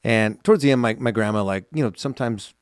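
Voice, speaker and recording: A man with a lowish voice talks in a relaxed, reflective way, full of "you know" and "like". The sound is dry and close, as in a small studio. He is co-hosting a casual podcast. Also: fast talker, clear, resonant tone, no room sound. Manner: reflective, soft-spoken, many fillers. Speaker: podcast co-host.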